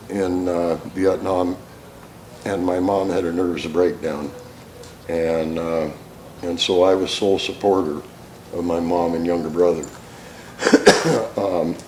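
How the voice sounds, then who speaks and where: Here the veteran's voice is low and a little mellow as he recounts war stories, folksy, profane, and quick to laugh. The storytelling talk takes place in a theater school hall, recorded with the roomy space's faint ambience and slight background noise.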